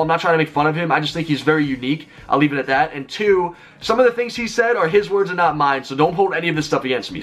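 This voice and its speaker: Man in his twenties, rapid delivery, slightly high voice, casual vlog storytelling. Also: a bit bright. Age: 20s. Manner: rapid chatty delivery full of "like". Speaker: YouTuber.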